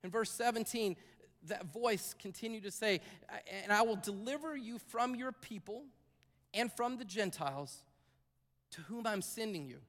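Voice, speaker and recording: Male pastor, high voice, conversational sermon, long church-hall reverb. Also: expressive, measured pace, fairly bright tone. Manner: conversational preaching with asides and repetitions. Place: church sanctuary.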